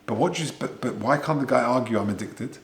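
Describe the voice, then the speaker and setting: A man's voice: mid-range voice, fast talker, creaky. A man, a rabbi giving a Torah lecture, conversational, with Hebrew and Yiddish terms and rhetorical questions. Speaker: rabbi teaching a weekly Torah class. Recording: echoey room.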